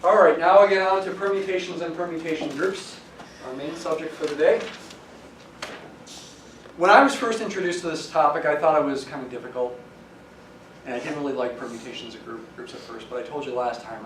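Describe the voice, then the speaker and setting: A man's voice: on the high side, steady tone, fairly quick. A male professor lecturing in a roomy classroom, his voice carrying from a distance with a faint hiss behind it. He explains patiently, leaning on the important words. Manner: explanatory, stresses key words. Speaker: math professor.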